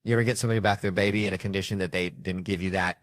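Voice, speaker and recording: A man tells stories in a stand-up comedy routine, jumping into the voices of his family as he goes. His voice sits a little low. The sound is dry and close, with no room echo. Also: very fast. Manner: animated storytelling, acting out family members.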